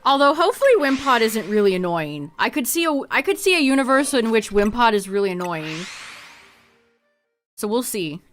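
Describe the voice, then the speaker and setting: A woman's voice: a little high, sing-song, moderate pace. Woman streamer chatting to chat while she plays, laughs a lot, trails off, faint music under. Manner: chatty, laughs often, trails off mid-sentence. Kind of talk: casual livestream chat to viewers.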